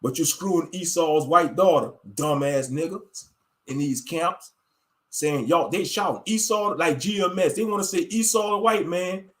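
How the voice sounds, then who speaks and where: Blunt, high-voiced man ranting. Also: a little slow, a bit bright. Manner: blunt, profane and emphatic, with frequent fillers. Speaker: online show host. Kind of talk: ranting monologue.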